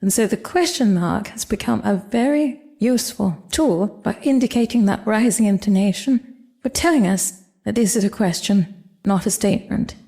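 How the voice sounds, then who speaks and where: Woman, online language teacher, dark gravelly tone, patient explainer. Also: mid-range voice. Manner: clear, measured explaining with examples. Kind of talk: explanatory lesson.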